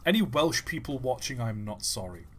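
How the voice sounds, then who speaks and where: A man's voice: mid-range voice, expressive, unhurried. A man streaming a game live, thinking aloud as he plays and joking with his chat. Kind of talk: live gameplay commentary.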